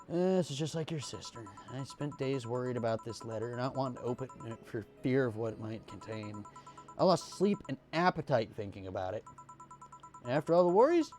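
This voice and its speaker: A streamer reading game dialogue aloud, stumbling and restarting now and then. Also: male voice, medium pitch, darkish tone.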